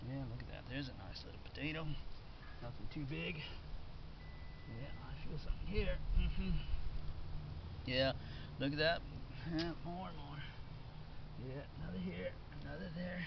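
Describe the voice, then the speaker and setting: A man's voice: fairly high pitch, a little slow, gravelly, pauses often. A man chatting casually and thinking aloud as he digs up potatoes in his backyard garden, exclaiming happily at what he finds. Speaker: home gardener. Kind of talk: casual narration while digging up potatoes. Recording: dull lo-fi sound with steady background noise.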